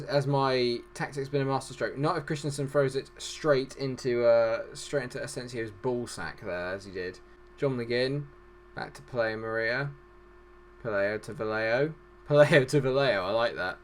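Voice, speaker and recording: An excitable man narrates his football management game in mid-pitched, mid-range tones. He jokes at his own expense and swings from groans to cheers. The talk sounds like it comes from his desk at home. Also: a little hiss or hum. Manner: excitable, joking, self-deprecating. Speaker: gaming YouTuber.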